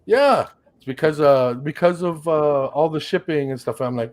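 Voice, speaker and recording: A man with a slightly high voice recounts an anecdote in an easy, relaxed way. He chuckles as he goes, in casual livestream chat. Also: normal speed.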